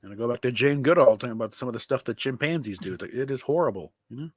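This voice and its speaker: A man chatting casually with a friend on a stream, rambling and halting, with some swearing. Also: mid-range voice, dry recording. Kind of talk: casual chat.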